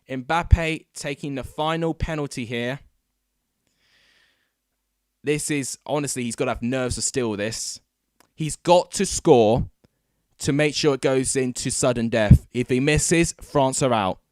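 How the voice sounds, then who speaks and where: A man hosting a football watchalong, giving excitable live commentary into a desk microphone and breaking into shouts at big moments. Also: fairly high pitch, unhurried, long pauses, no room sound, clean studio sound. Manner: excitable, erupting into shouts at goals.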